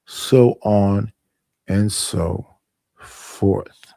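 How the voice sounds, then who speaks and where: A man hosting a stream, speaking slowly and deliberately with trailing phrases. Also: fairly low pitch, steady tone, creaky, mellow, no room sound. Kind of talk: casual chat.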